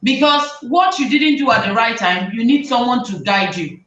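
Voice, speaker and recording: A fairly high-voiced woman gives parenting advice in an animated, conversational way, slipping into the voices of parents and children. She sits back from the mic in an echoey room, and the sound is dull and muffled. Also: moderate pace. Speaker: talk show host advising parents. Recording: roomy, distant, dull sound.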